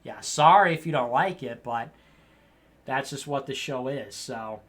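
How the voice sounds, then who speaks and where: A man's voice: medium pitch, a little slow, a bit bright. A man hosting a casual livestream show, reading viewer messages and answering with teasing, mock-scolding asides and rambling restarts.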